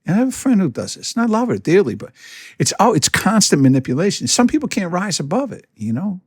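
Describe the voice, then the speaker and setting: A man's voice: high-pitched, big pitch swings, fast, a little mellow, husky, no room sound, clean studio sound. A man in his fifties, a podcast host, talking in a blunt and candid way, with many restarts, in a casual monologue. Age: 50s.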